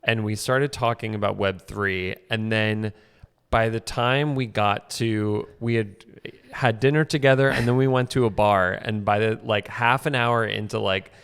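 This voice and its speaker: A man's voice: fairly low pitch, fairly even intonation, measured pace, a bit bright, smooth, in a large hall. A young man co-hosting a podcast in casual chat, joking and self-mocking, often restarting his sentences. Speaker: podcast co-host.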